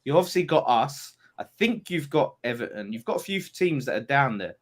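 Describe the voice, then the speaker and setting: Man, football podcast guest, casual banter, teasing, mid-pitched voice. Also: brisk. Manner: animated, teasing, boastful banter. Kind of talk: casual chat.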